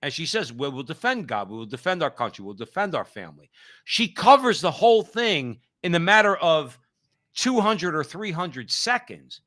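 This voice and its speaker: Male co-host, fiery and preachy, bright tone, lively swings in pitch. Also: normal speed. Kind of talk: impassioned political commentary.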